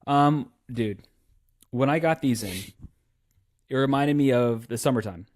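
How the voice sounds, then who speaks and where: A man's voice: medium pitch, measured pace, darkish tone. A young adult man co-hosting a podcast, rambling casually with restarts and laughing at himself. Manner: rambling, many restarts, self-mocking. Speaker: podcast co-host. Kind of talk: casual chat.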